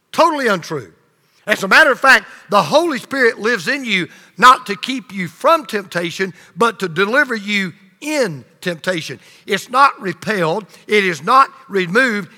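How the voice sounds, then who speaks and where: A male pastor preaching a sermon, swinging between loud emphasis and hushed low lines, leading the congregation in call and response. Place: church sanctuary. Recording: long reverb of a large hall.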